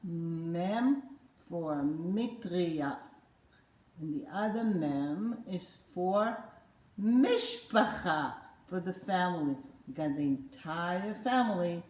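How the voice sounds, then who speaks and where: An older woman leads a children's letter lesson in a slightly low, unhurried voice. She is playful and coaxing, drawing each word out so the children can echo it, and her voice rings in a roomy space. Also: darkish tone. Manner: slow, playful, coaxing, repeats words for kids to echo. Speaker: children's Hebrew teacher.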